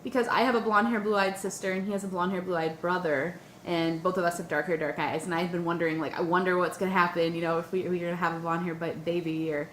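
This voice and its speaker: A young woman vlogger recounting a personal story in a casual, excited way, full of "like" and "um", acting out her own anxious questions. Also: on the low side, fast talker, few pauses. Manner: excited and breathless, lots of "like" and "um", acts out her own panicked questions. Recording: echoey room with faint ambient noise.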